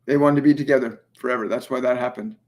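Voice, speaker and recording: A man hosting a live spiritual Q&A as a medium, speaking gently and soothingly, often repeating his phrases and pausing on ums. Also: mid-range voice, steady tone. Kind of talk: livestream channeling session.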